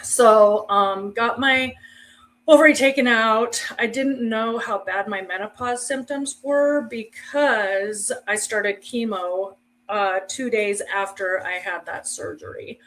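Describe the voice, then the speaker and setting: A woman's voice: a little high, slow pace, a bit bright. Candid woman telling her own story. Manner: candid, conversational, with wry asides. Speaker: speaker sharing her cancer story. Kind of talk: personal testimony talk.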